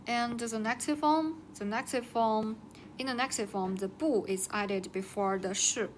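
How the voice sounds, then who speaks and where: A woman teaching Chinese vocabulary and grammar in English, saying each word twice with slow, careful explanations. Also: fairly high pitch, a little hiss or hum.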